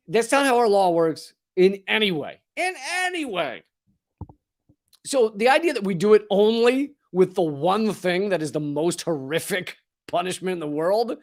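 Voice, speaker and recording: Sarcastic Southern-accented man, rather high voice. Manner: sarcastic, profane, chuckles at own jokes. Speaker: comedic political commentator. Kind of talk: comedic commentary monologue.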